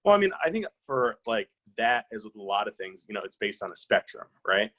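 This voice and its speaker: A man with a fairly low voice talks through his answers in a relaxed interview. He is reflective and anecdotal, circling back with "you know" and "right?" as he restarts his sentences. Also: fairly quick, low-quality recording. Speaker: author being interviewed.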